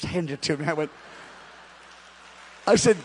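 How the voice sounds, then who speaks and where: A man's voice: fairly high pitch, a little slow, a little mellow, breathy edge. A male pastor telling a story in a sermon, animatedly acting out both sides of conversations. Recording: long hall reverb.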